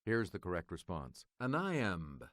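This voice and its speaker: A man hosting a game show, reading quiz clues in a measured, formal manner. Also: deep voice, huge pitch swings, noisy background.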